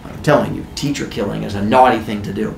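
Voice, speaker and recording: A man's voice: lowish voice, quick pace, creaky, slight background noise. A man teaching a class, retelling a myth in a playful, jokey storytelling way. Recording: echoey classroom.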